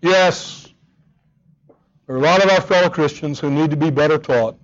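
A man's voice: a little high, normal speed, highs cut off. A man preaching a sermon, earnest and emphatic, often repeating words as he drives a point home. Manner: earnest, emphatic, with frequent repetitions.

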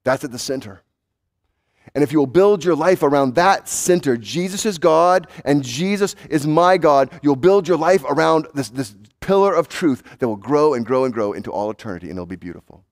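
An emphatic male pastor delivering a sermon with a slightly high voice. He swings from raised urgency down to hushed, low intensity and repeats words for emphasis. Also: animated, fairly quick, hardly any pauses.

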